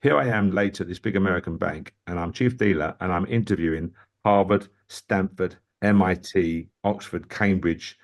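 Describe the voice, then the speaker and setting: Lower-voiced man telling workplace stories. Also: normal speed, few pauses. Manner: lively storyteller, often addresses the host by name. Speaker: football manager guest. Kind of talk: anecdotal interview storytelling.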